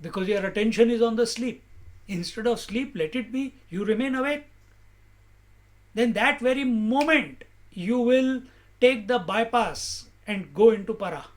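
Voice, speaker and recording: A man giving a spiritual discourse as a teacher, asking rhetorical questions in a measured, emphatic way. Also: very high-pitched.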